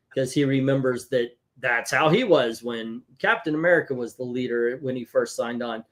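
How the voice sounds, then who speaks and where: A man hosting a casual comic book review chat, talking in an animated, chatty way and laughing easily. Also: medium pitch, normal speed, hardly any pauses. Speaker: comic book show host.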